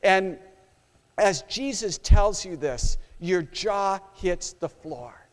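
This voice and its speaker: A man's voice: sits high, animated, takes it slowly. A man preaching a sermon, telling a story dramatically and acting out its scenes. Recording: long hall reverb.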